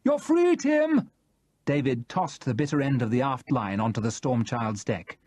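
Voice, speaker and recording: A man narrating a novel in the first person, in a measured and expressive manner. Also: medium pitch, slightly rough, no echo, clean studio sound. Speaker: audiobook narrator.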